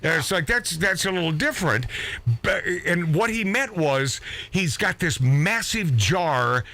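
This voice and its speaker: A man's voice: high voice, lively intonation, unhurried, vocal fry, sharp tone. A middle-aged man, a radio show host, telling a rambling story in casual chat with lots of restarts.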